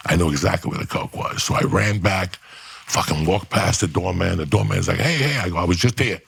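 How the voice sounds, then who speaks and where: A man telling a profane, animated story as a podcast guest, acting out what other people said. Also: low voice, a little fast, gravelly, breathy edge. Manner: animated, swearing, acts out other people's lines.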